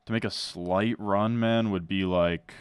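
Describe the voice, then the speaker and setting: Deep-voiced laid-back guy. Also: fairly even intonation, measured pace, clean tone, no echo, clean studio sound. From New Jersey. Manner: laid-back, says "dude" a lot, answers chat as he goes. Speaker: fantasy football streamer. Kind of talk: casual live-stream chat while drafting.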